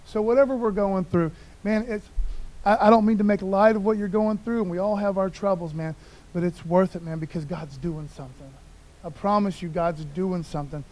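A man preaches in a loose, conversational way, often dropping in "man" and asking the crowd for an amen. His voice sits high for a man and he shifts freely between quiet asides and raised, emphatic points. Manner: conversational, keeps saying "man", calls for amens. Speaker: pastor. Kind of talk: casual sermon.

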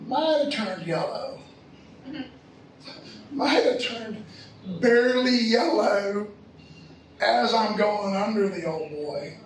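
A middle-aged pastor preaches a sermon, recorded from far off in an echoey room with a little hiss or hum. His voice is high-pitched and slow with frequent pauses as he tells a personal story in a loose, slangy, conversational way.

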